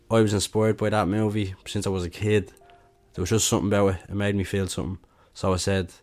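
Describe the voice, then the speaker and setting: A young man with a Dublin Irish accent, hosting a casual solo podcast, rambling with lots of fillers and restarts. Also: sits low. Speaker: podcast host and musician.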